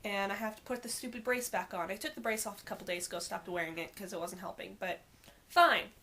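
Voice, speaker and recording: A teenage girl telling a vlog story in an animated, sarcastic and exasperated way. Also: mid-range voice, fast, slight background noise. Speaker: vlogger.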